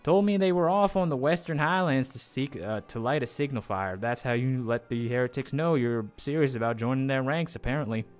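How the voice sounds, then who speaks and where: A man voicing a blunt, low-born male soldier in a put-on rural country accent, folksy and drawling. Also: a little fast, few pauses, faint music behind, natural voice. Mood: gossipy. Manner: drawling, folksy, plain-spoken.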